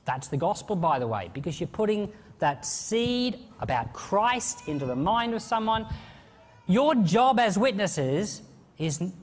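A man preaching a sermon in an animated, conversational way. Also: high-pitched, big-room sound. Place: church.

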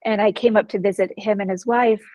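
A woman, a psychologist guest in a casual interview, telling personal stories in an expressive, vivid way. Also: medium pitch, a little fast, no echo, low-quality recording.

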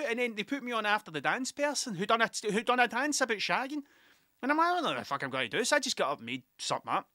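A man's voice: high-pitched, big pitch swings, fast, bright, forceful tone, no room sound, studio quality. A Scottish man, a musician, telling rambling, sweary stories about gigs in a casual monologue, often laughing at himself.

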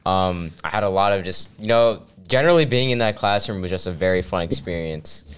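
A man's voice: low-pitched, lively intonation, a little fast, a little hiss or hum. A teenage boy chatting casually on a podcast as a guest, blunt and opinionated. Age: teens. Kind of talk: casual chat.

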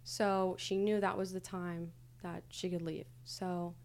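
A woman's voice: fairly low pitch, flat delivery, measured pace, a little mellow. A young adult woman, a podcast guest, recounting her past candidly in a casual, hesitant way with many fillers. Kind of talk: casual conversational interview.

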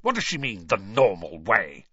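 A man's voice: on the high side, very animated, unhurried, vocal fry, sharp tone, voice pushed up, exaggerated voice. A man voicing a stout, bad-tempered middle-aged uncle who growls and hisses his blustering, outraged lines. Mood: angry. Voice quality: growling, hissing. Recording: dry, slightly dull recording.

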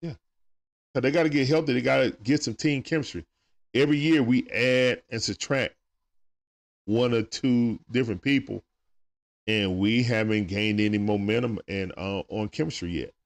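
A man's voice: mid-range voice, gravelly. A young man hosting a live stream, chatting casually with viewers and reading their comments in a laid-back, slangy way.

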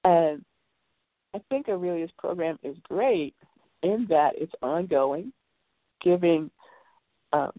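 A woman talk-show host speaks in an earnest, rambling way, full of fillers. Her voice sits low. It comes through a tinny, phone-like line with a dry, close sound. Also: no echo. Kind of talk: casual call-in radio talk.

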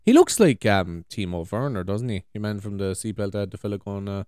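Sweary Irish man, lively and rambling. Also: on the low side, fairly quick, few pauses, clear, resonant tone, no echo, studio quality. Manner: rambling, sweary, laughs easily. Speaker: podcast host. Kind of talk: casual chat.

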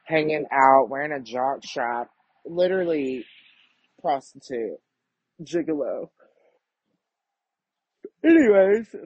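A man's voice: medium pitch, a little mellow, husky, no echo. A young man hosting a podcast, talking in a brash, profane, campy confessional monologue. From Kentucky. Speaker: podcast host. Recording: dull lo-fi home recording.

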